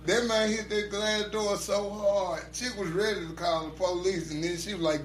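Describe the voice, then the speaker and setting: A man with a fairly high voice chats casually as a podcast co-host. He tells stories in a laid-back way and laughs often. The sound has a roomy echo. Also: fairly even intonation, normal speed, few pauses. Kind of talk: casual chat.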